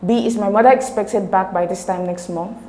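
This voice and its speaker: A woman tutor talking through exam answers step by step, slow and careful as she spells out sounds and options. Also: medium pitch, fairly even intonation, dark tone, echoey room, poor audio. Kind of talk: recorded exam lesson explaining answers.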